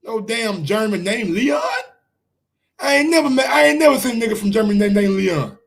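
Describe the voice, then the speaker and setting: A man's voice: very high voice, fairly quick, gravelly. A man with a New York accent hosting a casual live-stream sports show, ranting and firing rhetorical questions at his viewers. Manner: animated, ranting, asks the chat rhetorical questions.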